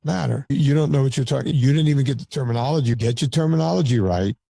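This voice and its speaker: This man, a documentary filmmaker guesting on a casual podcast, talks quickly in a mid-range voice that is mellow and husky with vocal fry. There's no echo. He comes across as blunt and argumentative, frequently stammering before restarting.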